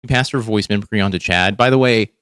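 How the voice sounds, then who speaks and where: A man's voice: on the low side, fast talker, fairly bright tone, clear, resonant tone, no echo, studio quality. A man hosting a casual reaction livestream, talking bluntly and profanely with lots of restarts. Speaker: livestream host.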